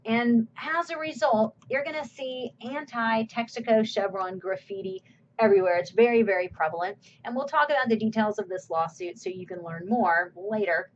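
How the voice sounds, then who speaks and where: A woman's voice: on the high side, moderate pace, highs cut off, slight background noise. A woman course instructor giving a recorded slide lecture in a conversational way, asking her own questions and answering them.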